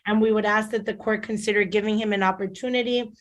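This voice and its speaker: A woman's voice: medium pitch, steady tone, fast. A woman defense attorney makes her case over a video call. She speaks formally, leaning on fillers and respectful address to the bench. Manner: formal, repeats "Your Honor", fillers. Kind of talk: courtroom argument on video call.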